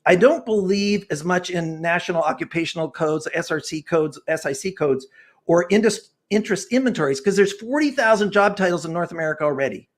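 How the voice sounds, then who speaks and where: In an interview, a guest author and personality expert in his sixties speaks with earnest, fervent passion, almost like a preacher. His voice is high-pitched, with lively intonation and a fairly quick delivery.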